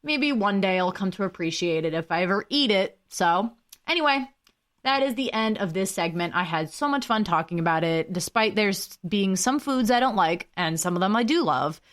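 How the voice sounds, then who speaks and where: A woman's voice: mid-range voice, expressive, normal speed, a bit bright. Chatty young woman hosting a podcast. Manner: chatty and self-deprecating, apologizes often, breaks into singing. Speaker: podcast host. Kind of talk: casual solo podcast chat.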